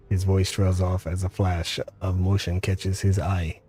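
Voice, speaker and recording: Man reading game text aloud, low voice, dark tone, faint music behind. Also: unhurried. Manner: steady, even narration. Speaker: game streamer.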